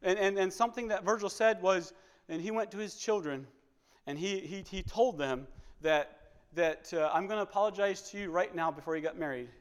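A man preaching a sermon to his congregation, emotional and repetitive, swinging between loud passages and hushed ones. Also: high-pitched, fairly quick, clear, resonant tone. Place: church. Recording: church hall with long reverb.

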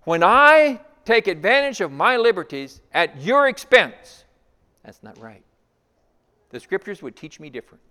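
A male pastor delivers a sermon in a slightly raised voice, pressing his point with rhetorical questions and repeated phrases. He moves between loud emphasis and near-whispered asides. A long hall reverb trails every phrase. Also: high voice, sing-song, a little slow. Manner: repeats key lines, asks rhetorical questions, swings from loud to hushed.

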